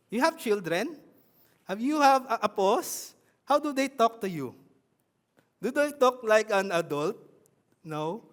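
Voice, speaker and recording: A man with a Filipino accent preaching a sermon in an animated way, often asking his congregation questions. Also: sits high, measured pace, pauses often, big-room sound.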